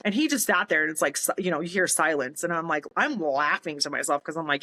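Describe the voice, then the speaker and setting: A woman's voice: low voice, quick pace, hardly any pauses, poor audio. Woman telling a story animatedly. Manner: animated, acts out quoted voices, laughs in disbelief. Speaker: military veteran guest. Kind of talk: casual storytelling.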